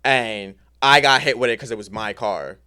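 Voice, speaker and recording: A man's voice: medium pitch, moderate pace, sharp tone, smooth. A man telling stories as a podcast guest, laid-back and slangy in casual chat.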